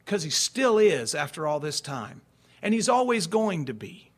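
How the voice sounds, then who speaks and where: A man's voice: fairly high pitch, sing-song, a little slow. A man in his forties, a pastor, preaching a folksy, conversational sermon full of rhetorical questions. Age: 40s.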